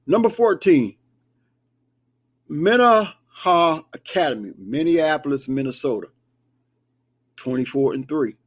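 A man's voice: fairly high pitch, expressive, normal speed, pauses often. A man hosting a casual sports talk show, reading down a rankings list with chatty asides. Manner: conversational, reads list with asides. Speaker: show host. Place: Kansas, near Wichita.

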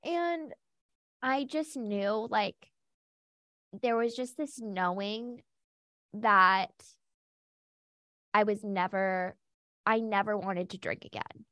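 A woman's voice: mid-range voice, slow, long pauses, a bit bright, no echo, studio quality. A woman guest on a podcast, candidly and heartfelt telling her own story with lots of casual fillers.

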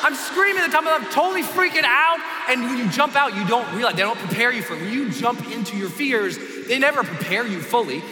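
A man giving a dramatic, expressive motivational talk on a stage in a large hall, acting out his story as he tells it. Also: extremely high pitch, fast talker, hardly any pauses. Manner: expressive, dramatic, acts out scenes with screams. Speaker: motivational speaker. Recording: echoey hall with ambient noise.

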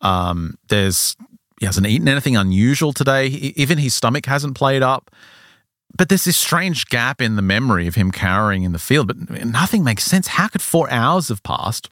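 A man hosting a podcast, telling a story in a casual, animated way and acting out the characters' lines. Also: mid-range voice, normal speed, no room sound, studio quality.

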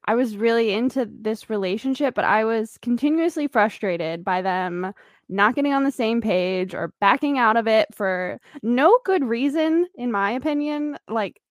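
A woman's voice: fairly high pitch, no echo, studio quality. A woman co-hosting a podcast, chatting casually with a giggly manner and lots of fillers. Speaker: podcast co-host. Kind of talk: casual chat.

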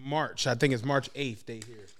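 A man co-hosting a podcast in casual chat, relaxed and profane, sometimes acting out what others said. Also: medium pitch, normal speed. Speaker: podcast co-host.

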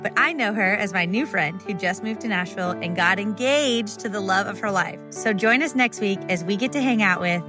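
Young woman podcast host, easy chatty tone, mid-pitched voice. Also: brisk, few pauses, music in the background. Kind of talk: casual chat.

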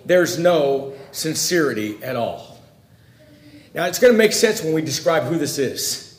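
A man preaching a sermon, emphatic, swinging between loud declarations and quiet, confiding asides. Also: a little high, roomy sound.

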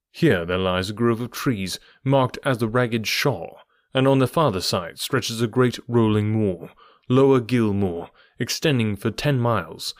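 A man voicing a calm male detective who explains his reasoning step by step. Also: on the low side, no room sound, clean studio sound, close to an everyday voice. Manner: measured, methodical explaining.

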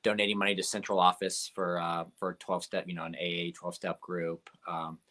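A young comedian guest speaks in a low, level voice at a moderate pace, his tone pushed and bright. He rambles through stories from his shows in a casual interview, using lots of "like" and fillers.

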